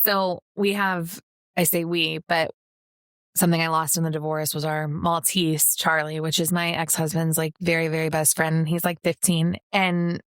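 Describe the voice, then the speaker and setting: A woman's voice: deep voice, flat delivery, moderate pace, smooth, no room sound, studio quality. A woman co-hosting a podcast, talking in a rambling, casual way. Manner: rambling, many fillers and restarts. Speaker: podcast co-host. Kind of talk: casual chat.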